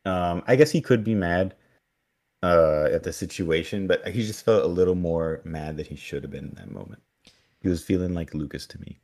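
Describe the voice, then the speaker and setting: A podcast co-host with a low, darkish voice casually recaps an episode at a moderate pace. He animatedly acts out the characters' lines as he goes.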